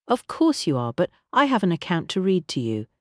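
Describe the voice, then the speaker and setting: A woman's voice: on the low side, wildly swooping pitch, darkish tone, dry recording, clean studio sound, pitched above the performer's own voice. A man doing a bossy aristocratic old lady. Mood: brisk. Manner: commanding, brisk, dramatic. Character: imperious elderly aristocratic lady, bossy and theatrical.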